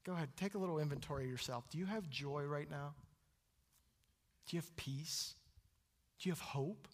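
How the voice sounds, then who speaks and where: A young adult man preaching a sermon, jumping to loud high exclamations and dropping to hushed low asides. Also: normal speed, breathy edge. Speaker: pastor.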